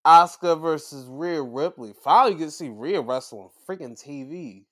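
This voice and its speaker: A man hosting a podcast, recapping matches in casual, profane talk and acting out quotes in a high voice. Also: normal speed, fairly bright tone. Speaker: podcast host.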